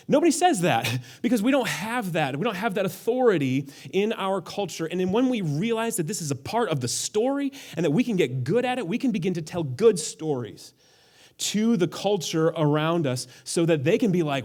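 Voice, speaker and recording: A young man preaching a sermon in a church, playful and animated, often acting out quoted lines in funny voices. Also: on the high side, fairly quick. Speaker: pastor. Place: church auditorium.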